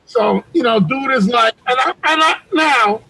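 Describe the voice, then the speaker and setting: A middle-aged man on a video call, telling a long story in an animated, profane, slangy way. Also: very high-pitched, unhurried, vocal fry, breathy edge, low-quality recording. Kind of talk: casual storytelling on a group call.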